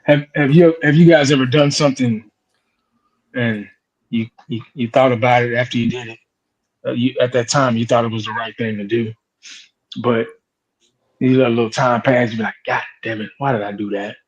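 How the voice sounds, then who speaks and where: A man's voice: mid-range voice, fairly even intonation, moderate pace, long pauses, muffled recording. A man in casual sports talk, musing aloud and asking rhetorical questions.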